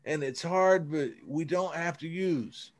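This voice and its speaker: A man's voice: a little high, measured pace. A man telling his own recovery story on a podcast, earnest and casual, often dropping "man".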